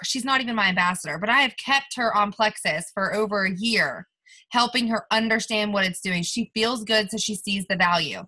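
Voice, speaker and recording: Woman giving her team a pep talk, super bright tone, a bit high, blunt and pushy, lots of "right?" and "like". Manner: direct, emphatic, pushes her listeners; chatty, with many "like" and "right?" tags. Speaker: team leader coaching her sales team. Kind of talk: motivational team call.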